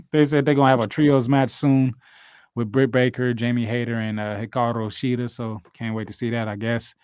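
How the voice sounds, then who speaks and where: A podcast co-host talks casual wrestling in a medium-pitched, level voice at a moderate pace. His tone is clean and a little mellow with no room sound, and his talk is loose and profane, with frequent laughs.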